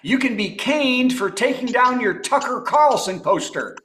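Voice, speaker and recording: A man's voice: very high voice, lively intonation, unhurried, a crowd in the background. A man hosting a comedy show over a video call, telling topical jokes and chuckling at his own punchlines. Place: home apartment.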